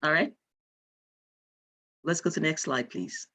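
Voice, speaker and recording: Woman, lecturer, explanatory, acts out example sentences, husky tone. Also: deep voice, measured pace, bright, forceful tone. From Nigeria. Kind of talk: online lecture.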